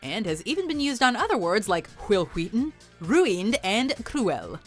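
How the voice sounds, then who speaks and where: A woman's voice: medium pitch, big pitch swings, a little slow, soft background music. Wry woman narrating a countdown. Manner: wry, playful commentary.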